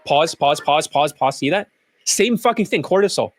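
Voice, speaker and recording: Blunt, profane man with a higher voice. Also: expressive, moderate pace, soft background music. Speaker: dating coach and channel host. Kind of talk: ranting commentary over clips.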